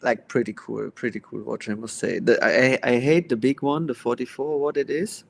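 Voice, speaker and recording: A man guesting on a casual watch chat, relaxed and easygoing, often breaking into a laugh. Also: mid-range voice, a little fast, vocal fry.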